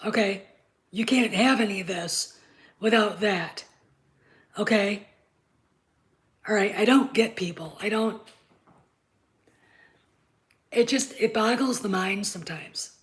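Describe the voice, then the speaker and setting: A woman's voice: medium pitch, measured pace, pauses often, rough recording. A woman hosting a live stream, lecturing her chat insistently, repeating her points and checking in with "okay?".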